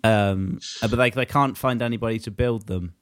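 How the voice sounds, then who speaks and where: A man's voice: fairly low pitch, normal speed, clean tone, no room sound, studio quality. A man co-hosting a casual comedic podcast chat, joking and laughing often. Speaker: podcast co-host.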